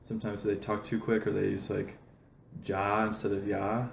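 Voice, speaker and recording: A man's voice: lowish voice, little pitch movement, brisk, vocal fry. A man hosting a podcast, telling loose stories with constant fillers and frequent laughter in a casual chat. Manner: rambling storyteller with constant "like" fillers, laughs often. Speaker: podcast host. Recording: roomy echo, faint background noise.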